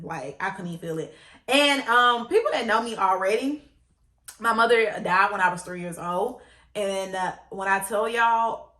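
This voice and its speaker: A young woman vlogger telling her story in a casual, animated way, blunt and full of laughs and swearing. Her voice is bright and forceful. She sounds like she is in an echoey room. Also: mid-range voice.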